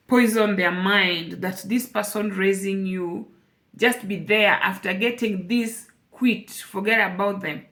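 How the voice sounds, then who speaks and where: A woman's voice: mid-range voice, fairly bright tone. A woman speaking to camera in an emotional personal vlog, earnest and repeating phrases for emphasis. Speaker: vlogger.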